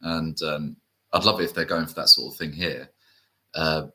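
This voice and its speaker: A man's voice: a bass voice, steady tone, moderate pace, bright, forceful tone, poor audio. A man from the UK co-hosting a podcast, chatting casually with lots of fillers and tag questions. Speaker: co-host. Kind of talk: casual enthusiast chat.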